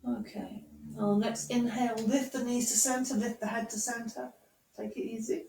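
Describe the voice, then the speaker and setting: A woman guiding a yoga class with gentle, encouraging, unhurried instructions. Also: on the high side, fairly even intonation, creaky, a little hiss or hum. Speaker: yoga teacher. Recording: echoey room, voice from far off.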